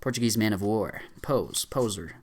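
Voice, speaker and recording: A man reading a long list of words aloud as fast as he can, stumbling now and then with fillers and restarts. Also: lowish voice, expressive. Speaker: YouTuber. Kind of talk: rapid word-list reading.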